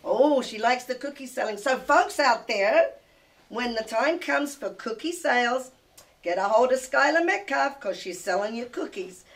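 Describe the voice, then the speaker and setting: A woman's voice: on the high side, lively intonation, normal speed. An older woman from England hosting a TV show, chatting with a child guest in a gushing, doting, sing-song way. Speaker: TV show host. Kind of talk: casual chat with a child guest.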